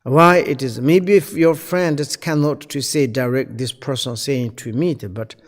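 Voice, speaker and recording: A Buddhist teacher, a man, gives a dharma seminar in halting English, often restarting and repeating phrases. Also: mid-range voice, long reverb tail. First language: Tibetan.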